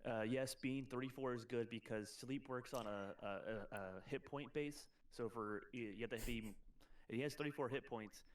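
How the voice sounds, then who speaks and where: Halting male game master. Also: medium pitch, distant mic. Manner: halting, explanatory, many fillers and restarts. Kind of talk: running a tabletop game over voice chat.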